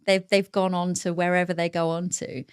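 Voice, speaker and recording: A woman co-hosting a podcast, talking casually and haltingly, often restarting her sentences. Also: lowish voice, flat delivery, clean tone, dry recording, studio quality. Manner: hesitant, many restarts and fillers. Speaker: podcast co-host.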